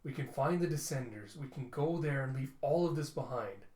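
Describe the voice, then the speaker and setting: Man doing a hushed ancient machine. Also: lively intonation, moderate pace, lightly acted. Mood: grave. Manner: quiet, low, grave. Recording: roomy echo.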